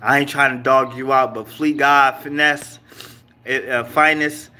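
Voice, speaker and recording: A man's voice: mid-range voice, steady tone, measured pace, pushed and bright. Profane, teasing man hosting a livestream. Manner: loose, profane, teasing banter with chat. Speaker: livestream host. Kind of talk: casual livestream chat.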